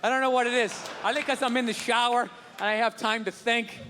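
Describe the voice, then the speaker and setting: A man doing a stand-up routine, ranting and swearing, often shouting. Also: very high-pitched, fairly even intonation, fast talker. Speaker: stand-up comedian. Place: large hall with a live audience. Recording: hall reverb, audience laughter and noise.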